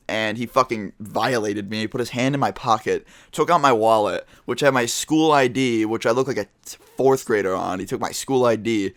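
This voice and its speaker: A man's voice: medium pitch, lively intonation, brisk, a bit bright, no echo, studio quality. A teenage boy vlogging a storytime, talking casually with lots of fillers and swearing. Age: teens. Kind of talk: storytime vlog.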